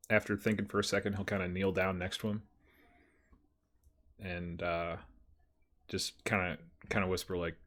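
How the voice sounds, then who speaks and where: A man playing a tabletop game, describing his character's actions casually with many fillers. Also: sits low. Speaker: player.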